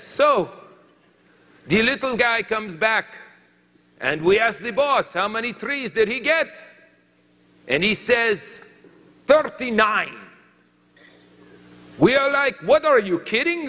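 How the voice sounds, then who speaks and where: Guy putting on a french lumberjack, high bright voice, slow and halting broken english, echoey hall. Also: heavily acted. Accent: put-on French. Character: boastful French lumberjack man, comic storyteller.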